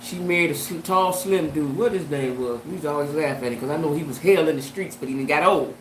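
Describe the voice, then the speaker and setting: A woman hosting a casual commentary vlog, talking to her viewers in an animated way and often asking them "right?". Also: deep voice, fast. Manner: animated, talks to viewers with "right?" and "you know what I'm saying". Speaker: host. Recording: echoey room with faint background noise.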